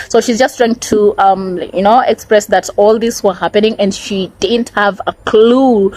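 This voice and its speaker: A woman's voice: medium pitch, fairly even intonation, measured pace, few pauses, darkish tone, low-quality recording. A woman talking casually in a book review vlog, explaining passages and checking in with "okay?".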